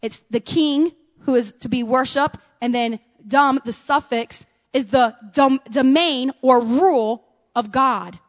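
A middle-aged woman preaching a sermon, earnest, calling her listeners friends and rising to loud fervor. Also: high-pitched, takes it slowly, in a large hall.

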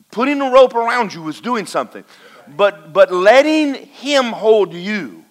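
A man preaching a folksy sermon to a congregation, swinging between loud and quiet. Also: high-pitched, lively intonation, unhurried. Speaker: pastor. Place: church in front of a congregation.

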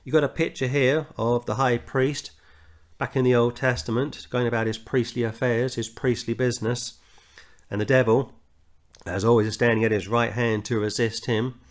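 An earnest middle-aged Englishman teaches scripture verse by verse at an ordinary mid-level pitch. He moves from reading the text with rising emphasis into plain, conversational stories from his street work. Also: little pitch movement, moderate pace. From England. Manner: earnest, reads scripture aloud with rising emphasis, tells anecdotes. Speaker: Bible teacher. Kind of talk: verse-by-verse Bible study.

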